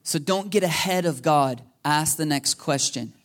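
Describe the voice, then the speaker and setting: Animated pastor preaching a sermon, man. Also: fairly high pitch, unhurried. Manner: animated storytelling, acting out dialogue with God. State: a little emotional.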